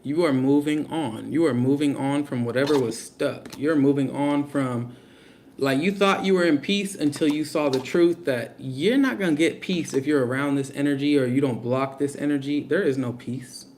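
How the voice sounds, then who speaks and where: A man's voice: medium pitch, moderate pace, a little mellow, a little hiss or hum. A young man giving a casual live tarot reading, blunt and slangy, talking straight to his viewers. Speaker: tarot reader.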